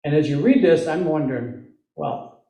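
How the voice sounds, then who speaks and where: A man's voice: on the high side, wildly swooping pitch, moderate pace, mellow. A man with a Midwestern American accent giving a conversational sermon, full of questions to the congregation and joking asides. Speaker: lay preacher. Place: church sanctuary. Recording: echoey church room, mic at a distance.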